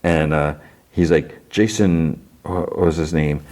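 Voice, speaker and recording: A podcast host with a deep, darkish voice recaps a show in a casual way, keeping his intonation fairly even. He retells the scenes and acts out quotes, switching his voice quickly for each character.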